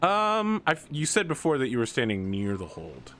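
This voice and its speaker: A man's voice: medium pitch, wildly swooping pitch, fairly bright tone, slight background noise. A man narrating as game master in a casual tabletop game, explaining rules and describing actions with frequent fillers. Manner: describes actions in quick, halting bursts with fillers.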